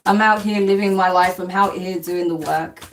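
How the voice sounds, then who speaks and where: A woman's voice: on the low side, steady tone, moderate pace. A woman hosting a spiritual live stream, chatting casually as she reads out comments, blunt and dismissive, swearing and laughing often. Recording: distant mic with faint background noise.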